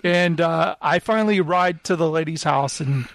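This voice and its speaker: A man with a high voice chats casually, telling an animated story. The sound is dry and close, with no room echo. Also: moderate pace, creaky. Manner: animated storytelling, acting out quoted lines. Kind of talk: casual chat.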